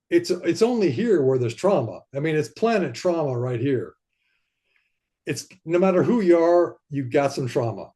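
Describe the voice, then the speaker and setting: A man talking as a podcast guest in casual conversation, rambling and animated, and sometimes acting out the voices he quotes. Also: fairly high pitch.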